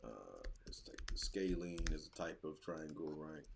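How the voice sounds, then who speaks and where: A man's voice: very deep voice, lively intonation, unhurried, vocal fry, slight background noise. A man presenting a classroom writing activity in a casual webinar, thinking aloud as he clicks through his screen. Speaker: teacher presenter. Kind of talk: instructional webinar demo.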